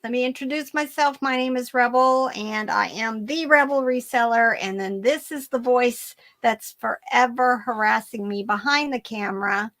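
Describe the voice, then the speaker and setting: A woman's voice: on the high side, moderate pace, hardly any pauses, fairly bright tone. A woman hosting a live stream about reselling, chatting casually in an upbeat way and often repeating her own phrases. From Germany. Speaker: reseller channel host.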